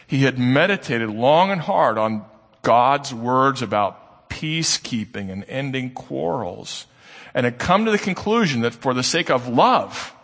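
A male preacher at a mid-range pitch delivers a sermon in an earnest storytelling manner. He moves between quick narration and slow, weighty emphasis. His voice carries the long reverb of a large hall. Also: a bit bright, breathy edge.

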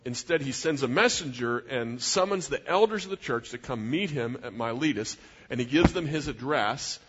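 A man's voice: medium pitch, lively intonation, moderate pace, husky. A middle-aged man preaching a sermon as a pastor, in an earnest, conversational way with personal asides. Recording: dull sound in a reverberant hall.

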